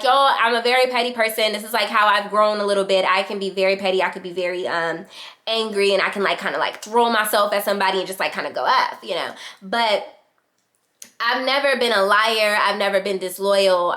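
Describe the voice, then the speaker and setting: A young woman vlogger telling a dramatic personal story in a casual, animated way, acting out what people said. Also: fairly high pitch. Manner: animated, dramatic reenactments of quotes. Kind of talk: storytime vlog.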